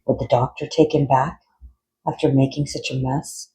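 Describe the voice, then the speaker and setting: A man reading a children's picture book aloud in a measured, expressive way. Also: medium pitch, rough recording. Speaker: storyteller.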